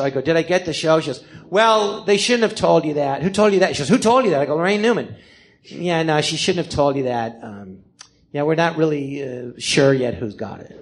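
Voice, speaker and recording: Animated comedian man telling a story. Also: fairly high pitch, gravelly. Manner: animated, acts out other people's voices in quotes; swears freely, self-deprecating. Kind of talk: live podcast storytelling. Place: theater stage before a live audience.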